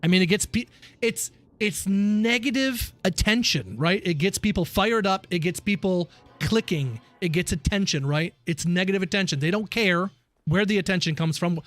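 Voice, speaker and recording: A man streaming a game and chatting casually with viewers, animated and profane, ranting between laughs. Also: sits high, normal speed. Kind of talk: casual livestream chat while gaming.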